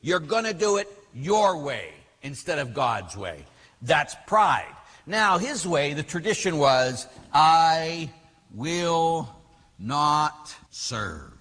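A man, a Catholic priest, teaching a class with animated storytelling and emphatic outbursts. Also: a little high, takes it slowly, slightly rough. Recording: long reverb of a large hall.

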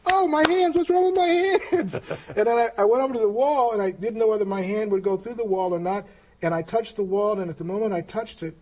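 A man telling a personal story of his spiritual experience, halting and reflective, with frequent pauses and restarts. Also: sits high, mellow, breathy edge. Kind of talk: personal testimony.

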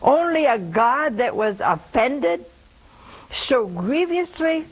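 Older woman in her seventies, sermon, reflective, lively pitch, unhurried, slightly high voice. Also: poor audio. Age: 70s. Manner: reflective, drops to a whisper for quoted words. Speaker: preacher.

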